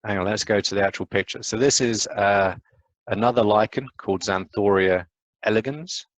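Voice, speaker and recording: A man with a fairly low voice gives an eager, fast-paced science lecture over a video call, full of "uh" and "right?" asides. The sound is close and dry, with no room echo. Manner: enthusiastic, fast, rambling with fillers. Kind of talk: live online science lecture.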